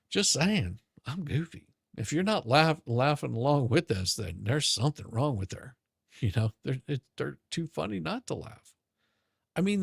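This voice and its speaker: A man with a gravelly, fry-laden voice rants on his stream in a slow, drawn-out way. He is profane and sarcastic and mocks those he talks about. The sound is dry and close. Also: medium pitch, no room sound. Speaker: streamer commentator. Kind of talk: ranting commentary. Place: home streaming setup.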